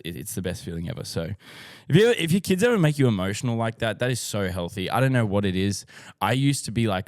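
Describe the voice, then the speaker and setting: A man's voice: fairly low pitch, no echo, studio quality. An Australian man and dad talking casually to camera, rambling and heartfelt, swearing often and filling with "like". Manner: rambling, sweary, says "like" a lot; openly emotional and heartfelt. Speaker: dad vlogger.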